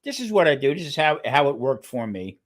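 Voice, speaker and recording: A man on a casual podcast chat, talking in halting restarts and checking in with "okay?" as he goes. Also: medium pitch, sing-song. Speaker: guest keto cooking channel creator.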